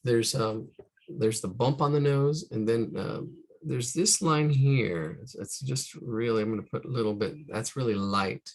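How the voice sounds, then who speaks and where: A man's voice: mid-range voice, a little slow, vocal fry. A man teaching caricature drawing live, talking through each stroke, counting aloud and trailing off into muttered asides. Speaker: art instructor.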